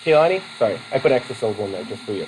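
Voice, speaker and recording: A man's voice: on the low side, rapid-fire, darkish tone, a little hiss or hum, low-quality recording. A man from Vermont teaching a college class, chatty and self-deprecating, with many fillers and restarts as he takes student questions. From Vermont, USA. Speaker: college instructor.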